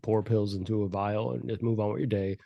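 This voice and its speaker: A man telling a wild story on a casual podcast, animated and profane, acting out the people in it. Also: fairly low pitch, brisk, gravelly, dry recording, lo-fi sound.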